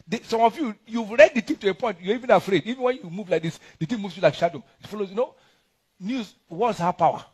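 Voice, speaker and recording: Husky, fast-preaching Nigerian pastor. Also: male voice, sits high. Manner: animated, mocking preaching with frequent laughter and repetition. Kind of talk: sermon.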